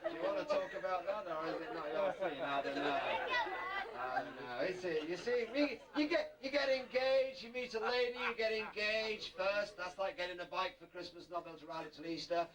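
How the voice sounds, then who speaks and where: A man's voice: sits high, a little fast, a loud crowd. A man doing stand-up comedy at a party, joking with and teasing the audience. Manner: jokey, chatty, teasing the audience. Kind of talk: stand-up comedy with crowd work. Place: hotel party room with audience. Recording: distant mic, loud background noise.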